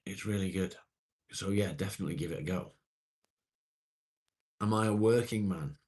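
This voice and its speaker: Middle-aged man, very low voice, relaxed live-stream host. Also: moderate pace. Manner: relaxed, chatty, reassuring with viewers. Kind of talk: casual live stream chat with viewers.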